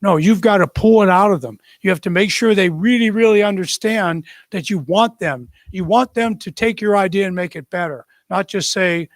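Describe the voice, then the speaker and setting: Older man, higher-pitched, telling a story. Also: normal speed, hardly any pauses, no echo. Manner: animated storyteller who acts out the people in his story. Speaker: retired military officer. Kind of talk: anecdotal storytelling.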